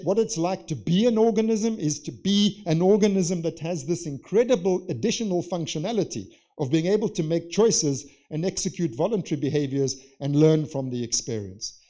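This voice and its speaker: Mellow-voiced man lecturing at a conference. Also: a little high. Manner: lively, poses rhetorical questions and acts out scenarios. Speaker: conference speaker. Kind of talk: academic lecture. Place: conference session.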